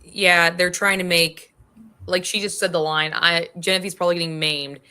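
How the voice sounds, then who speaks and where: Low-voiced woman with a bright, sharp tone. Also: steady tone, moderate pace, clean tone. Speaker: book club member. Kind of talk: casual chat.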